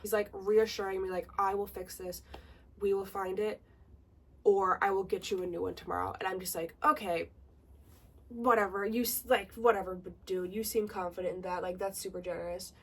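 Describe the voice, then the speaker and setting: A young woman vlogger telling a story in a casual get-ready-with-me video, chatty and animated, with lots of "like". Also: medium pitch, moderate pace, slightly rough, far from the mic.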